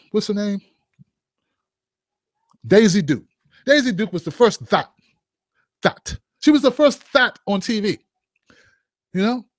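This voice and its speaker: Male vlog host, high voice, joking opinionated commentary with rhetorical asides. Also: no room sound, studio quality.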